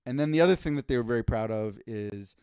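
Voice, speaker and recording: A man's voice: medium pitch, animated, fast, darkish tone, clean tone, no echo, clean studio sound. A man co-hosting a casual podcast, ranting with exasperation and lots of swearing. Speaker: podcast co-host.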